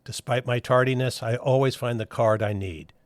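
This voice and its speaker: A man hosting a podcast, reading his lines in a measured way with a dry, wry humor. His voice sits at an ordinary middle pitch. It is recorded close up in a dead, dry space. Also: steady tone, dry recording. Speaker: podcast host. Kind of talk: scripted intro and interview.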